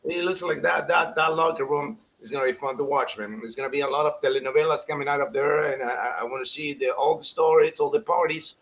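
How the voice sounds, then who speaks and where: A man co-hosting a soccer show in a casual, animated chat, laughing often and restarting his sentences. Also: on the high side, fast, creaky, hardly any pauses, poor audio.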